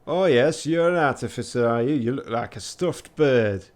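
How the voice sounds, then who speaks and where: A man voicing an irritable woman artificer in a put-on Yorkshire accent, gruff and scornful, stumbling through his improvised lines. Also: medium pitch, animated, normal speed, darkish tone, lightly acted. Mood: mocking. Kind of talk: live reading of a text game.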